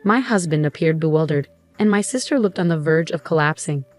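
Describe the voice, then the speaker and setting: A woman narrating a personal drama story in the first person, in an even, steady way. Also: low voice, fairly quick, soft background music.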